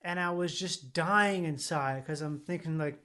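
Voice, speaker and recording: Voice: mid-range voice, a little slow, pushed and bright. Podcast cohost rambling along, lots of likes and ums, swears casually. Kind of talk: casual chat.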